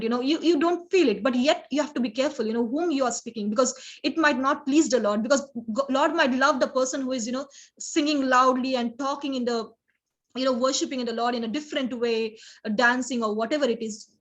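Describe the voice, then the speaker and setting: Halting, earnest woman preacher. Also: high-pitched. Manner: halting, earnest, full of restarts and "you know". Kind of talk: informal sermon.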